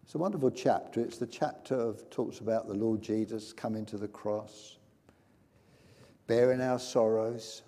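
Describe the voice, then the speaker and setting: Older male preacher, warm voice, emphatic delivery, reverberant hall. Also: on the low side, steady tone, moderate pace. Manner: emphatic, rising to loud peaks. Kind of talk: sermon. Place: church.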